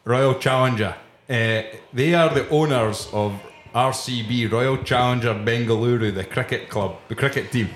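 A man's voice: medium pitch, normal speed, hardly any pauses, reverberant, soft background music. A Scottish man, the podcast host, telling a casual anecdote in the back room of a pub and laughing often as he goes.

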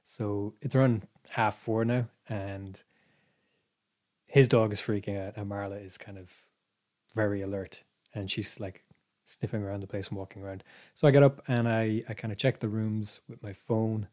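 A man's voice: fairly low pitch, fairly even intonation, measured pace, darkish tone. A man, a podcast co-host telling a story in casual chat, meandering and hesitant, dropping to a whisper for his own thoughts.

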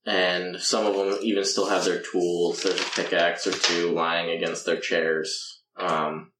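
A man narrating as game master of a tabletop game, laid-back and halting with fillers. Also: sits low, noisy background. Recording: echoey room, far from mic.

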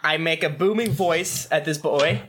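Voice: medium pitch, moderate pace, a little hiss or hum. A player in a casual tabletop game who jokes around and laughs a lot. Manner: joking, animated and laughing.

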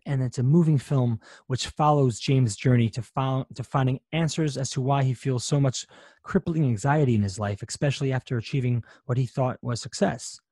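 An upbeat male podcast host who talks in a friendly, chatty way and drops plenty of ums. His pitch sits right in the middle for a man. The recording is dry and close, with no room sound. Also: a little mellow, husky, no echo. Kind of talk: podcast intro and interview.

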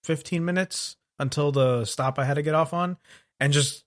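A man's voice: a little high, moderate pace. A man on a casual podcast telling meandering stories in a laid-back way. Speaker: podcast co-host.

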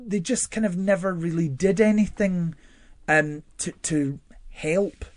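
A man's voice: high-pitched, a little slow, no room sound. A young man in a studio interview, telling personal stories expressively with many fillers. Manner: expressive storyteller with frequent fillers and laughs. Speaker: guest. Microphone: studio microphone.

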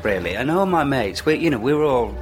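A man's voice: mid-range voice, sing-song. Hesitant Yorkshire man in his sixties. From Hull, England. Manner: hesitant, halting restarts. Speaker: festival organiser guest. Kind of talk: interview. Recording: music playing behind.

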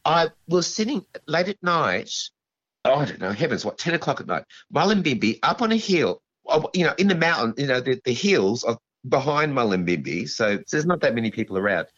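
A man rambles through a story as a guest, stopping and restarting often. His pitch swings widely, and the sound is dull and lo-fi, like a remote call. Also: sing-song, fairly bright tone, slightly rough. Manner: rambling, halting, full of restarts and "you know". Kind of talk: storytelling in an interview.

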